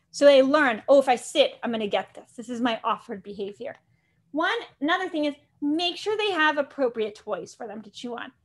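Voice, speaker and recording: High-voiced upbeat woman dog trainer. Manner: upbeat, chatty, explaining step by step. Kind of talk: live online class teaching.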